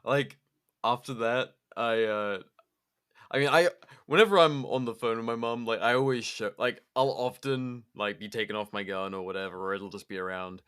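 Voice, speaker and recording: A young man co-hosting a podcast, spinning long loose stories with lots of swearing and laughter. His voice sits at a middling pitch and comes through clear and smooth. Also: steady tone, normal speed, a bit bright. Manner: laughs often, swears freely, rambling storytelling. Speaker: podcast co-host. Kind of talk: casual chat.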